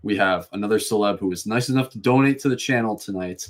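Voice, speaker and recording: A man's voice: fairly low pitch, quick pace. A man from the Boston area co-hosting a live sports show, easygoing and chatty, reading out viewer donations. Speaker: co-host. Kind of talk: casual live show chat.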